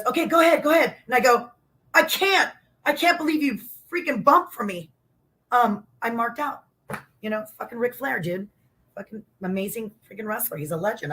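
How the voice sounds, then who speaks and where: A middle-aged woman, a former wrestler, telling stories in a casual interview, animated and acting out quotes, with casual swearing. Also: fairly low pitch.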